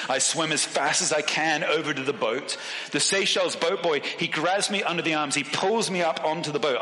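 A man's voice: mid-range voice, slight background noise. A man preaching and telling a personal story, acting out the voices in it. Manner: animated storytelling, acts out voices. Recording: echoey hall with long reverb.

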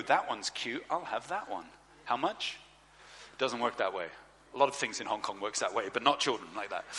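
A man telling a personal story in a sermon, animated and acting out the other voices in his story. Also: medium pitch. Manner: animated storyteller, acts out dialogue. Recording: long hall reverb.

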